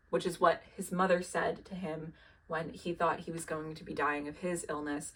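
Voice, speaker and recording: A young woman with a slightly low voice tells a story in a loose, chatty way, her sentences full of filler words. She swears freely and adds dry, sardonic asides as she goes. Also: steady tone, moderate pace, sharp tone. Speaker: TV recap video maker. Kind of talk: casual plot recap.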